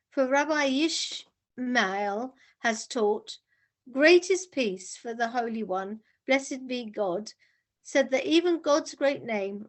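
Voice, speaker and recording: A woman reading a story aloud to a class at a measured, even pace. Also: fairly high pitch. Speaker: reader of a text.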